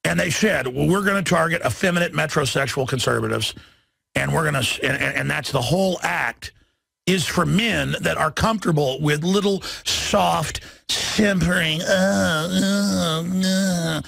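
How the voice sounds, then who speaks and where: A man hosting a talk radio show, ranting combatively and mockingly, his voice climbing into shouts. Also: a little high, measured pace, slight background noise. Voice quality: gravelly, husky. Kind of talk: ranting monologue.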